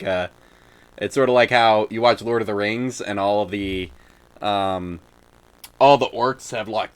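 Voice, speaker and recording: A young man runs a tabletop game, narrating loosely and haltingly with plenty of fillers. He acts out noises with his mouth, and his voice sits a little low. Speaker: dungeon master.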